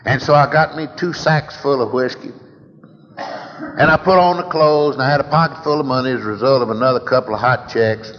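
A man's voice: mid-range voice, a little fast. A man from Texas with a Texan accent, telling his recovery story at a meeting in a folksy, rambling way with repeated words. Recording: echoey hall, dull lo-fi sound.

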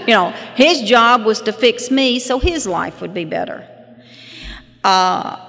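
A woman's voice: on the high side, lively intonation, takes it slowly, gravelly, fairly bright tone. A woman in her fifties sharing her personal story at a recovery meeting, folksy and self-deprecating, with chuckling asides. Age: 50s. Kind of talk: personal testimony with humorous storytelling. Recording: long hall reverb.

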